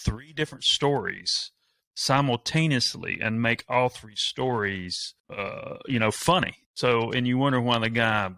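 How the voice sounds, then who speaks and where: A man hosting a podcast interview, relaxed, asking his guest questions. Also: mid-range voice, unhurried, gravelly, no echo. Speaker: podcast host. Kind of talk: casual interview.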